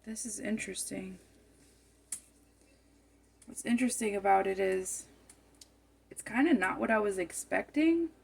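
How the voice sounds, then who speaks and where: Creaky-voiced woman musing through a tarot reading. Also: medium pitch, measured pace, long pauses. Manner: musing, repeats and rephrases herself. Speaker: tarot card reader.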